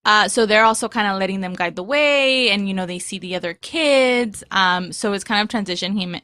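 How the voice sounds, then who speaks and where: A woman's voice: medium pitch, moderate pace, bright, forceful tone, no room sound, clean studio sound. A woman joining a podcast as a guest co-host, talking casually and upbeat and laughing easily. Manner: upbeat, laughs often between remarks. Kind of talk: casual chat.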